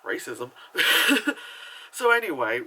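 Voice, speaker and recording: A man's voice: fairly high pitch, sing-song, slow pace, pushed and bright, slight background noise, rough recording. A man reviewing a movie in a casual, rambling chat full of asides and fillers.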